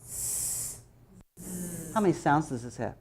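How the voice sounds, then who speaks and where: Give me a man presenting a phonics workshop to teachers, lively and demonstrative. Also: on the high side, takes it slowly. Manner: lively, demonstrates letter sounds aloud. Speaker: teacher trainer.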